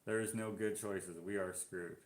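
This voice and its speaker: A man's voice: on the low side, steady tone, moderate pace. Chatty Canadian man in roomy echo. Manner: chatty, reacting aloud to viewer comments. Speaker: live-stream host. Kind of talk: casual chat reading live comments.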